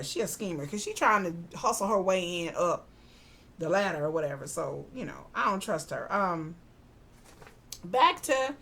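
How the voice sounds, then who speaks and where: A woman, casually recapping a TV drama, chatty and animated, acting out the characters' lines with slang asides. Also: medium pitch. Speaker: podcast host recapping a TV drama.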